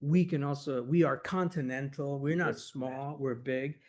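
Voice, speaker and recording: A man speaking at a scholarly workshop, telling stories in an enthusiastic, rapid, conversational way full of "like" and "you know", sometimes laughing as he goes. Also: medium pitch, fairly even intonation, darkish tone. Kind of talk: animated conversational lecture.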